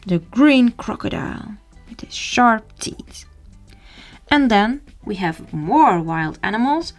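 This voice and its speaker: Very slow playful woman. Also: mid-range voice, very animated, soft background music. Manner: playful, imitates animal sounds, drops to soft whispers. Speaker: children's video presenter. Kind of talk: slow sing-song narration for a baby.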